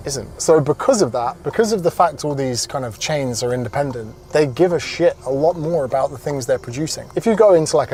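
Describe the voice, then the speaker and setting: A man's voice: fairly high pitch, a little mellow. Chatty blunt English man vlogging. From England. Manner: chatty, blunt, swears freely. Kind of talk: casual travel vlog.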